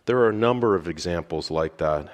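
A man preaching a sermon, retelling a story dramatically, dropping quiet and then swelling loud. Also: sits low, a little fast, dull audio. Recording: long hall reverb.

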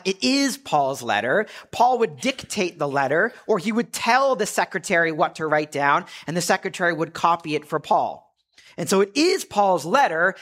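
Earnest male pastor preaching. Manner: earnest preaching with emphatic rises and quiet low drops. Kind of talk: sermon.

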